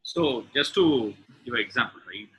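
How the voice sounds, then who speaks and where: A man's voice: mid-range voice, expressive, moderate pace, a bit bright, a little hiss or hum, low-quality recording. A father in a group discussion on an online call, giving examples hesitantly with many ums and uhs. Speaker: father and participant.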